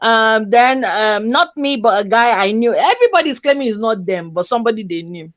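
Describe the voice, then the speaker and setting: A woman, hosting a casual online chat show, reading stories aloud with lively, teasing asides. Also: a little high, a little fast, no room sound, dull audio. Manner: animated, laughing, teasing asides. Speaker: show host. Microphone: video call stream.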